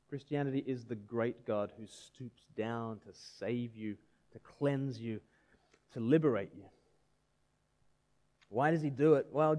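In a conversational sermon, a thirty-something man keeps asking his listeners questions. He speaks with a medium pitch and a slightly mellow quality.

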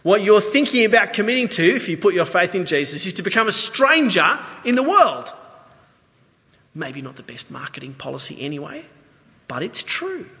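Australian male pastor, high bright voice, conversational sermon, echoey church hall. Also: normal speed. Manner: conversational, animated preaching with asides.

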